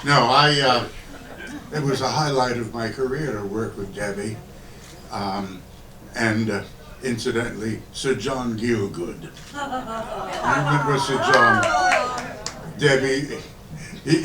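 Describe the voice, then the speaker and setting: A man called up to speak as a former co-star, talking haltingly with hesitant pauses. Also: mid-range voice. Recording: echoey room, far off, crowd.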